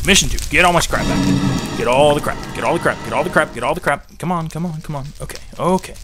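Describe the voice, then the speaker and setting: Excitable guy narrating his game, voice bouncing all over, quick repeated phrases, loud background music. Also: fairly high pitch. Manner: excitable, repeats phrases rapidly under pressure. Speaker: gameplay channel host. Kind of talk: excited gameplay commentary.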